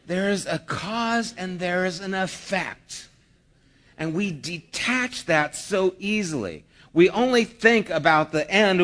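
A man preaching a sermon in a conversational way, asking rhetorical questions and acting out the people he quotes. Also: sits high. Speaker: pastor.

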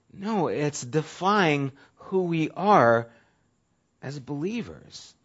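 A male pastor preaching a sermon in a casual, conversational way, sometimes dropping to a soft, low voice for emphasis. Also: lively intonation, drawn-out words, breathy edge. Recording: dull lo-fi audio.

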